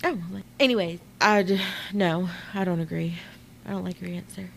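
A woman's voice: lowish voice, moderate pace, creaky, fairly bright tone, a little hiss or hum, low-quality recording. A woman co-hosting a podcast in casual chat, playful and flippant. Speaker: podcast co-host.

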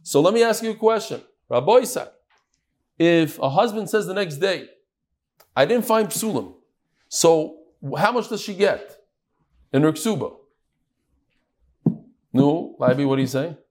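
A man's voice: on the high side, animated, a little slow, pauses often, darkish tone. A man teaching a Talmud class, reading the text in a sing-song lilt and questioning his students.

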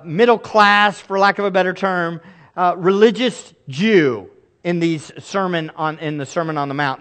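A man's voice: high voice, a bit bright. A man in middle age, a pastor preaching a sermon in an earnest, emphatic way with pleading asides.

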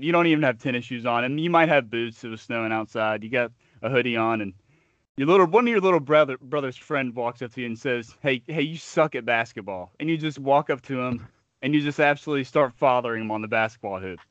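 A man's voice: medium pitch, big pitch swings, a little fast, a bit bright, dry recording, highs cut off. A man co-hosting a sports podcast, riffing with trash talk and long comic analogies. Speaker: podcast co-host.

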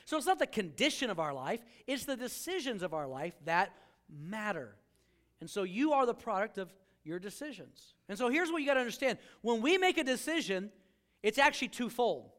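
A man's voice: high voice, big pitch swings, fairly quick, fairly bright tone. A male pastor preaching a sermon to a live congregation, joking and acting out quoted voices as he talks.

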